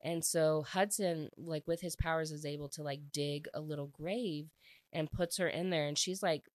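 A woman with a low, deep-set voice talks through a book's plot in a loose, chatty way, stringing events together with frequent filler words. The sound is close and dry, with no room around it. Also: steady tone, normal speed, no echo. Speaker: book reviewer. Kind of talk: casual book recap.

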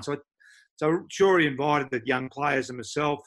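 Speaking a little fast with a fairly high pitch, this older Australian, a former footballer and coach, spins anecdotes in a relaxed interview. He's animated throughout and mimics the voices of the people in his stories.

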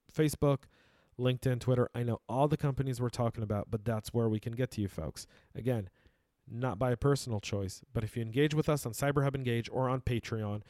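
A man's voice: medium pitch, darkish tone, no room sound. A man hosting a podcast in a studio, talking casually and emphatically with frequent restarts, a native Arabic speaker. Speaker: podcast host.

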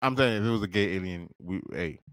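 A man co-hosting a podcast, telling a wild comic story in a loose, profane way, laughing often and jumping into squeaky high voices. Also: expressive, very fast, no room sound. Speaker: podcast co-host. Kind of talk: casual comedic storytelling.

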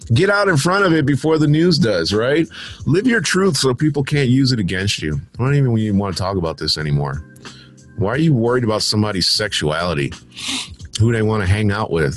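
A man hosting a show, reading out celebrity headlines and tossing in dismissive, sarcastic asides. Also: mid-range voice. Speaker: host. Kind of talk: casual headline commentary.

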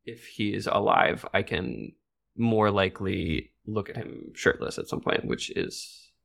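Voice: low-pitched, very animated, measured pace, creaky, a bit bright. Wry, joking podcast co-host. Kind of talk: casual chat.

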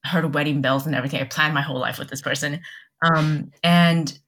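A young woman with a notably low voice tells a personal story in relaxed conversation. She speaks candidly, often stopping to restart a thought and acting out what people said to her. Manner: candid, halting, many restarts and quoted dialogue. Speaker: podcast guest. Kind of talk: personal storytelling in casual chat.

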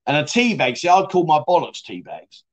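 With big pitch swings and a fairly quick pace, a middle-aged British man with a high-leaning voice runs a casual livestream. He reads viewer comments with cheeky, self-mocking humour, laughing often.

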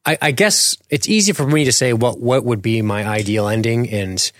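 A man's voice: mid-range voice, normal speed. A man co-hosting a casual TV recap show, opinionated and profane, reading chat comments aloud. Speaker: podcast co-host.

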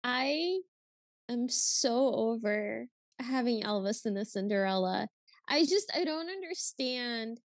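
A woman co-hosting a podcast in casual chat, animated and exasperated as she recaps something. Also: on the high side, slow, no room sound. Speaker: podcast co-host.

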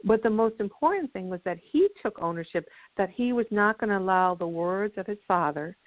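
A woman's voice: medium pitch, expressive, fairly quick, no room sound. A woman guest speaker explaining ideas earnestly and telling a story in a teaching manner. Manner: earnest, teaching, acts out quotes. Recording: tinny dry phone line.

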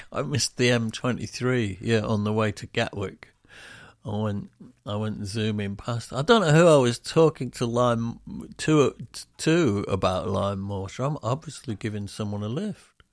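A man's voice: fairly low pitch, measured pace, no echo, clean studio sound. A man co-hosting a podcast, rambling in casual chat and acting out other people's questions in a raised voice. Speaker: podcast co-host.

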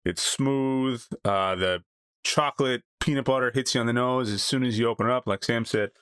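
A man co-hosting a casual beer review podcast, talking in a relaxed, enthusiastic way with some filler words. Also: mid-range voice, normal speed, clear, resonant tone, no room sound, clean studio sound. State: married. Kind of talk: casual chat.

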